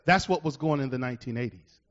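A middle-aged male pastor preaching a sermon, building to loud emphatic bursts and slowing down to read verses. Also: mid-range voice, lo-fi sound.

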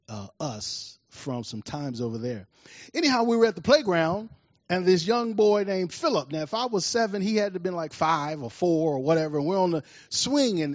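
Male preacher from Washington, D.C., fairly high voice, animated storytelling, dry and dull sound. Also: moderate pace, no echo. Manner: animated storytelling, acts out scenes loudly; drops to soft quiet tone on reflections. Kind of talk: sermon with personal storytelling.

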